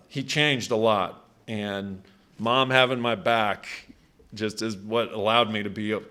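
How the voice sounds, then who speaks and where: A man in his sixties with a fairly low voice gives a relaxed, conversational acceptance speech. He tells personal stories, restarting phrases and trailing off as he goes. He is speaking at a country club event. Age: 60s. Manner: conversational, with frequent restarts and fillers. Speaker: hall of fame inductee.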